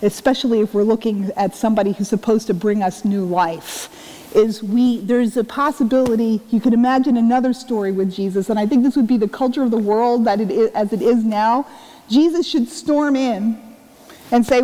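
Middle-aged woman pastor, high voice, conversational and earnest sermon, long church reverb. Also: normal speed, warm tone. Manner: conversational, earnest, asks rhetorical questions. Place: church sanctuary.

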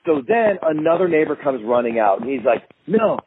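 Guy on a phone call telling a story, animated, does everyone's voices, tinny line w a bit of hiss. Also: a little high, fairly quick. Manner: animated, acts out other people's lines in a raised voice. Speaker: guest filmmaker.

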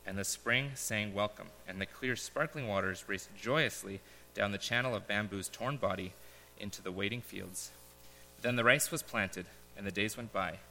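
Young male preacher, easygoing storyteller, lowish voice, long reverb from a large church hall. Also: bright, forceful tone. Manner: casual, joking, then reads a story aloud. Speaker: pastor. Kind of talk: sermon.

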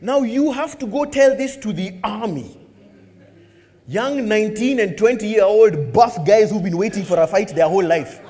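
Lively high-voiced preacher in a reverberant hall. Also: male voice, moderate pace. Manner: animated storyteller who acts out dialogue with humor. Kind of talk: sermon. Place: church hall.

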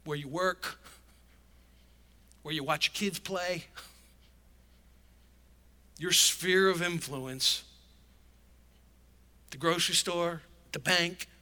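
A man's voice: on the high side, fairly even intonation, takes it slowly, pauses often, pushed and bright. A male pastor delivering a sermon in an emphatic, conversational preaching manner.

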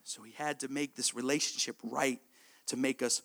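A man preaching a sermon, telling a story in an animated way that sometimes drops to hushed, intimate tones. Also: medium pitch, normal speed, creaky.

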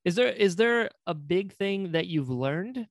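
A man's voice: high voice, lively intonation, no echo, studio quality. A man hosting a podcast interview, chatting casually and laughing often. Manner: laughs often, quick to agree. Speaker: podcast host.

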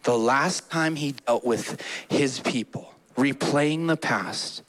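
A man preaching a sermon as a pastor in a church, animated, acting out quotes with playful voices. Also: mid-range voice, slow.

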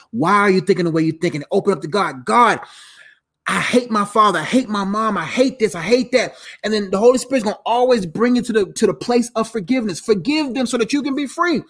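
Male preacher, 30s, high register, casual and emphatic, repeats his lines like a life coach. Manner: emphatic, conversational, repeats phrases.

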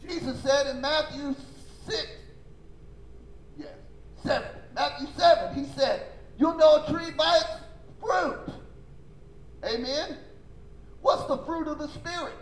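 High-voiced preaching pastor, man. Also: takes it slowly, pauses often, echoey room, slight background noise, rough recording. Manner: emphatic preaching with call-and-response; folksy, informal phrasing. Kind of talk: sermon.

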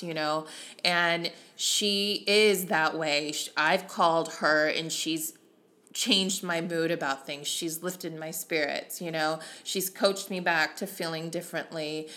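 Woman, mindset coach, heartfelt motivational talk, slightly low voice. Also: steady tone, measured pace, fairly bright tone. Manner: earnest and emotional, self-talk pep. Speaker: mindset coach for real estate agents.

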